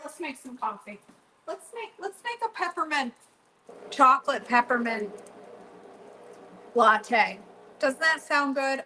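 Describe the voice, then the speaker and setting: Chatty middle-aged woman, home cooking vlogger, teasing and fairly high-pitched. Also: pushed and bright, low-quality recording. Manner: chatty, teasing, talks to viewers by name. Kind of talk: casual chat while cooking. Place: home kitchen.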